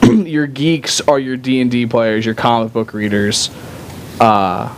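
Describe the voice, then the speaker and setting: A man on a casual chat stream tells stories in a loose, rambling way and acts out what people said to him. His voice sits at an ordinary middle pitch. A faint rumble runs underneath the recording. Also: slow pace. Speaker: podcast co-host. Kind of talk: casual chat, animated storytelling.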